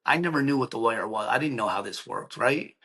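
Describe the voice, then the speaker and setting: Animated middle-aged man telling a story. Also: mid-range voice, fairly quick. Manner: animated storyteller, acts out quoted dialogue, many "like" and "right?" fillers. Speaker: podcast guest, founder. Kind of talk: emotional personal storytelling in an interview.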